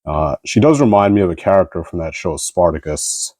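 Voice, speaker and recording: A man with a deep, mellow voice talks through a figure review in an easygoing, rambling way. He leans on fillers and loose asides. The sound is close and dry, with no room around it. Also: brisk, no echo. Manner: relaxed, rambling, frequent fillers. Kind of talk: casual product review.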